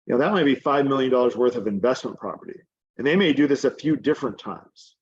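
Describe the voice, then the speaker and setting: A man of middle pitch walks his audience through a casual teaching presentation as a guest speaker. His delivery is chatty and loose, peppered with fillers. The audio is dull and lo-fi, like a video call mic. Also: lively intonation, quick pace. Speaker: guest presenter on real estate exchanges.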